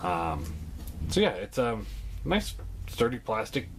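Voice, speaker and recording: A man with a fairly low voice reviews a toy for his vlog, stopping often with ums and uhs as he chats along. His talk is relaxed and unscripted. Steady background noise sits under the recording. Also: slow.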